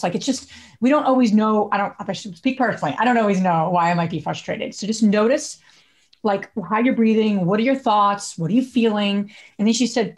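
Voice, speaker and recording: Middle-aged lady cohosting a podcast, chatty and animated, laughs a lot, mid pitch. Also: brisk. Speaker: podcast co-host. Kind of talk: casual podcast chat.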